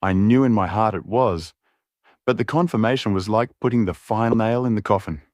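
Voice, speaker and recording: Male narrator, low voice, dry close read, steady brooding storytelling. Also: a little fast, no room sound. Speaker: audiobook narrator. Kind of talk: scripted first-person narration.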